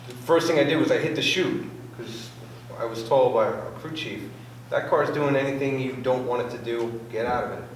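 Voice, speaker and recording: Speaking at normal speed in a mid-range voice, a club member tells a casual racing story to the meeting, performing quotes and sound effects as he goes. The room is very echoey, he sits far from the microphone, and there's faint noise.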